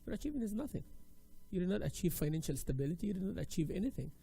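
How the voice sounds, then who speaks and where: A man's voice: high voice, very animated, racing, creaky, dark tone, full character voice. A man voicing a stern, demanding boss who bluntly dismisses a job applicant in an interview. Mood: scornful.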